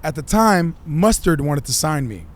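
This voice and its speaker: Animated man telling a story. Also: a little high, moderate pace. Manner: animated, profane, acts out quotes. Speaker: guest, music artist. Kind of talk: storytelling in a podcast interview.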